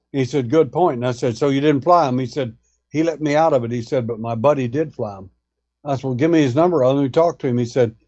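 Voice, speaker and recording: A man with a medium-pitched, somewhat dark voice, its highs cut off, spins a long storytelling anecdote in a folksy manner. He's a guest who researches alien abductions, and he acts out the dialogue of the people he quotes.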